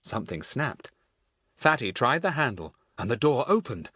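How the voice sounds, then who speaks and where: A man narrating a children's audiobook in a measured, storytelling manner. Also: medium pitch, husky, no echo, studio quality. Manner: measured storytelling with lively intonation. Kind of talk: scripted narration of a children's book.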